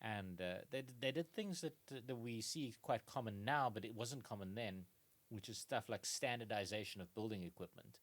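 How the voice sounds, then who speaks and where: Speaking at a moderate pace in a fairly low voice, a man co-hosts a comedy trivia podcast. The talk is casual and comedic, and he rambles with lots of fillers and laughs often.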